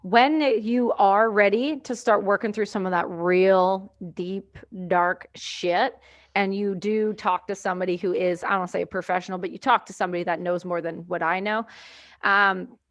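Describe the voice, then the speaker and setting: Podcast host lady, blunt and encouraging, cusses a lot, mid-pitched voice. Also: steady tone, normal speed. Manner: encouraging, blunt, swears freely. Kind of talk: casual chat.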